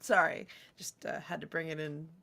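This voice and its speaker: A woman's voice: deep voice, steady tone, normal speed, creaky, sharp tone. A woman player in a tabletop game, chatty and jokey. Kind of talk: casual tabletop play.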